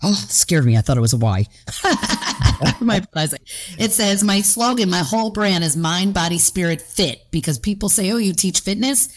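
A woman's voice: medium pitch, lively intonation, moderate pace. A woman around fifty, a fitness coach and gym owner, talking candidly in an interview, acting out her inner voices and swearing freely.

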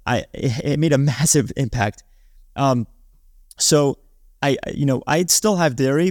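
A man's voice: mid-range voice, darkish tone, dry recording, clean studio sound. A man who hosts a podcast, giving casual advice in a chatty way, often restarting and filling with likes and ums. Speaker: podcast host.

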